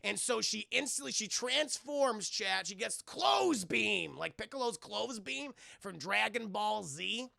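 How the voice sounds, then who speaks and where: A young man streaming a casual, profane, animated film recap to his chat. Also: high-pitched, unhurried, vocal fry, few pauses, dry recording, clean studio sound. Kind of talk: casual live-stream commentary.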